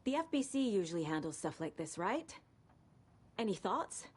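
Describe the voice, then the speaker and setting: An actress playing a troubled investigator in a video game, speaking a tense, shaken inner monologue. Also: female voice, mid-range voice, sing-song, moderate pace, a little mellow, husky. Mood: guarded.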